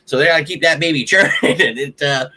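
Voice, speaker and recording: Husky, blunt male sports fan host. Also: a little high, quick pace, pushed and bright, poor audio. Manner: rambling, blunt, heated sports fan talk. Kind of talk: casual fan commentary to a live stream.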